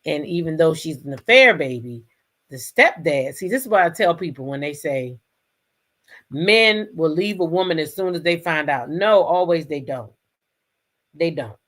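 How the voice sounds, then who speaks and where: Animated woman hosting a commentary livestream. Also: low voice, normal speed. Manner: animated, exclamatory, talks straight to viewers. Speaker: host.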